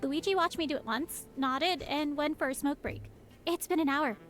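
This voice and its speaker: Female VA: timid, awkward young pizza worker, high voice, nervous rambler, game dialogue with soft music bed. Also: normal speed, natural voice. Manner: nervous, rambling, self-deprecating jokes. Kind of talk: video game voice acting.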